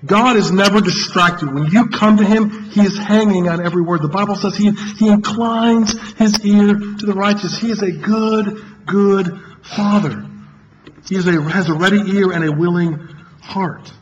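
A pastor preaching a sermon to his congregation in an earnest, emphatic way, repeating key phrases and pausing for effect. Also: high-pitched, muffled recording, a little hiss or hum.

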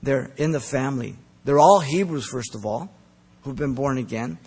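A man preaching a sermon, earnest and emphatic, pressing his points hard and then dropping soft. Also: mid-range voice, normal speed, slightly rough. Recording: long reverb of a large hall.

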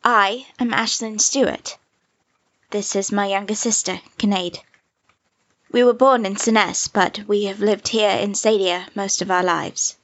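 A woman's voice: mid-range voice, steady tone, a little slow, fairly bright tone. An actress playing a proud, defiant young woman in an audio drama. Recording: dull lo-fi recording.

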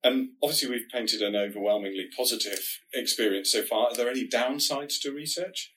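A man with a nasal voice, co-hosting a podcast and explaining research in a measured, reassuring way. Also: mid-range voice, fairly bright tone, poor audio. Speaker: diabetes research podcast co-host.

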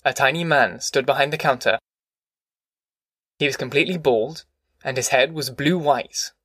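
A man's voice: mid-range voice, fairly bright tone, no room sound. Man reading an audiobook, dry sound. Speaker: audiobook narrator. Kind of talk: scripted narration.

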